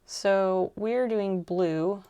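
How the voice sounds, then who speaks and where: A young adult woman streaming while she crafts, chatting casually and rambling softly as she thinks aloud. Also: mid-range voice, very slow, clean tone.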